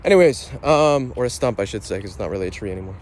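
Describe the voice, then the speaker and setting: A man thinking out loud outdoors near a lake, rambling in a playful, self-questioning way. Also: fairly low pitch, expressive, racing, a little hiss or hum. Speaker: vlogger. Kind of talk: casual reflective monologue.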